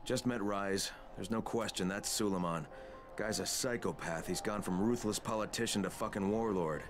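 An actor playing a gruff, sardonic male undercover agent who talks bluntly and swears. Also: fairly low pitch, normal speed, natural voice. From Chicago (character). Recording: game audio with loud music behind.

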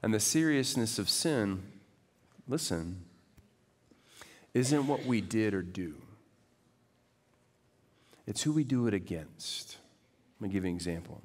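Man preaching an animated sermon. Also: fairly low pitch, unhurried, pauses often, long reverb tail, a little hiss or hum. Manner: animated, swings from loud to hushed. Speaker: pastor. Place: church sanctuary.

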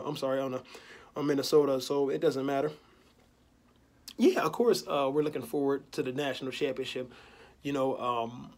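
A man's voice: on the high side, darkish tone. A young man vlogging a mock post-game press conference, boasting and trash-talking in laid-back slang.

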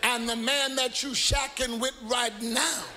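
A man preaching voices a calm, compassionate male teacher, speaking in a lower and measured way while music plays under the sermon. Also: big-room sound, crowd noise.

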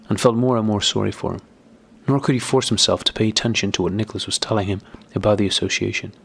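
Low-voiced guy reading an old novel, slow and steady. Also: gravelly, slightly rough. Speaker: audiobook narrator. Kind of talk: steady audiobook narration.

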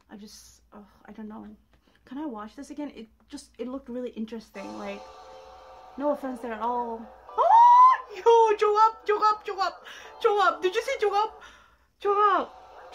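A young woman with a high voice talks through trailers as she watches them. She gushes and swears, jumping from loud shrieks to low muttering. Faint music plays underneath. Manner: gushing, swearing, shrieking bursts. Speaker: reaction video host. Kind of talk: excited reaction commentary.

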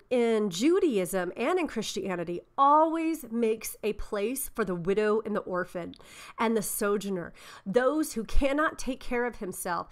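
A woman's voice: a little high, a bit bright. Earnest woman Bible teacher. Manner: earnest, conversational, with fillers and restarts.

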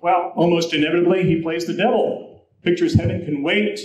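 A man's voice: high-pitched, a little fast. Man telling stories in a roomy hall. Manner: animated storyteller, acts out quotes. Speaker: guest speaker. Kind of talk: convention presentation, anecdotal storytelling. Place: convention hall. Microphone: handheld recorder in audience. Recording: roomy hall audience recording.

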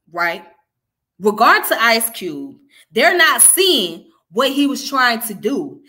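A woman's voice: on the high side, pushed and bright. A woman with a Southern US accent giving frank, casual commentary as she answers viewer comments, repeating her points for emphasis. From Southern United States.

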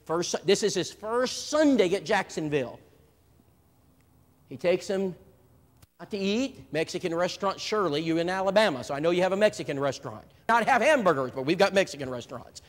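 A man's voice: sits high, brisk. A man preaching at a church seminar, telling stories and acting out the people in them. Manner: animated storyteller, voices other people in his stories. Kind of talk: seminar talk with acted-out anecdotes. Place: church hall. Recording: live stream with a long hall reverb.

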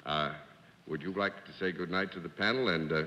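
A man's voice: sits low, a little fast, sharp tone, dull audio. A man hosting a live 1950s television game show in a genial, formal manner, often chuckling. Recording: 1950s TV broadcast, hall reverb, faint hiss.

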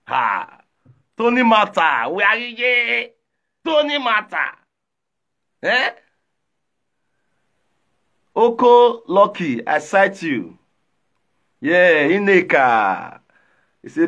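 High, bright Nigerian Pidgin man ranting. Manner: taunting, shouting names, greeting viewers. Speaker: livestream host. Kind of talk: livestream rant.

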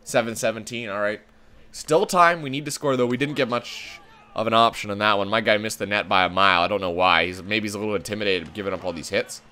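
A man's voice: fairly low pitch, quick pace, bright, forceful tone. A man commenting on his own hockey video game play, calling the action like a broadcaster and swearing when it goes wrong. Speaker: gaming channel host.

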